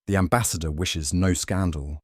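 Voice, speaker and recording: A man voices a slight, watchful priest with a Portuguese accent. He speaks low and carefully, guarding every word, with a deep voice. The sound is dry. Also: steady tone, moderate pace, slightly rough, no room sound.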